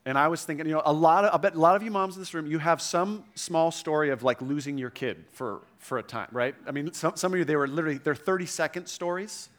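A man's voice: a little high, quick pace, hardly any pauses. A middle-aged man preaching a sermon to a room, conversational, with frequent asides and restarts. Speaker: pastor.

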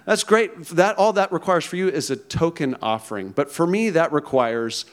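A man's voice: a little high, animated, normal speed, close to an everyday voice. A man voicing a farm pig who speaks earnestly in a preacher's joke. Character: farm pig offering total surrender.

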